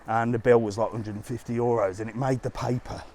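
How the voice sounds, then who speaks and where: A man's voice: mid-range voice, fairly even intonation, a little fast, darkish tone, slight background noise. A man livestreaming as a travel vlogger, chatting bluntly and casually while he walks along a seafront outdoors, talking into a handheld phone. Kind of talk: casual live walking stream.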